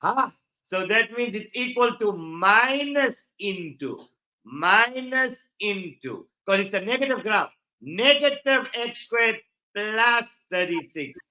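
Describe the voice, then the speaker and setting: A man's voice: high voice, very animated, slow pace, sharp tone. A man with a South African accent teaching an online maths lesson, joking and bantering in slang between explanations. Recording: roomy, dull lo-fi stream audio.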